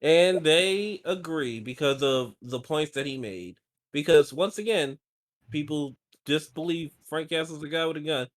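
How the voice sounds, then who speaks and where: Male co-host, somewhat high-pitched, sarcastic and casual. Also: measured pace. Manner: sarcastic, wry asides. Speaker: podcast co-host. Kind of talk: casual chat.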